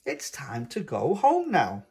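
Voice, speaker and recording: A man reading a storybook aloud and voicing a calm mother pig who speaks in a gentle, reassuring way. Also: medium pitch, slow pace, husky, heavily acted.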